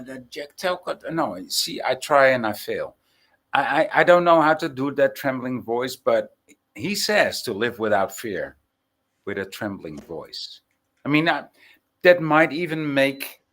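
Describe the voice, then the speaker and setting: A man talking as a guest in a casual chat, halting and stammering as he restarts his sentences. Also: mid-range voice, a bit bright.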